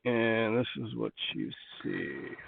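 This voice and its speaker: A man's voice: lowish voice, huge pitch swings, slow pace, gravelly, a little hiss or hum. Man running a tabletop game over a tinny line. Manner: descriptive, thinking aloud while setting scenes. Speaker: game master.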